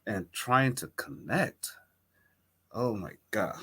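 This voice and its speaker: A man hosting a live election night talk show, talking excitably and straight to his viewers. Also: fairly low pitch, slow pace, slightly rough. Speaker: host.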